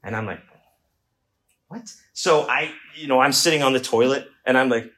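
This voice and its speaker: A man's voice: medium pitch, brisk. A middle-aged man from Houston telling a comic story to an audience in a loose, conversational, self-mocking way. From Houston, Texas. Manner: conversational, self-mocking, acts out shouts in quoted voices. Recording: echoey room.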